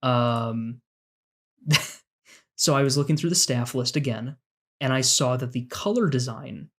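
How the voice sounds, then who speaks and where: A man's voice: medium pitch, unhurried. Earnest, rambling podcast host man. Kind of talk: casual chat.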